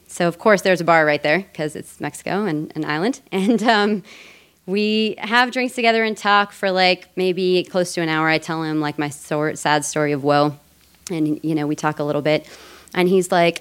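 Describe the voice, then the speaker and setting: Smooth-voiced woman telling a live story. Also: fairly low pitch, animated, moderate pace. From Colorado, USA. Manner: casual, chatty, laughing, frequent "like". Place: theater stage before a live audience.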